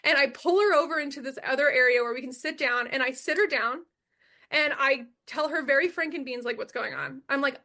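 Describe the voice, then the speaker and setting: A young adult woman with a high voice tells her story as a podcast guest. She talks bluntly and emphatically, swears freely and repeats the lines that matter to her. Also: fairly quick, sharp tone.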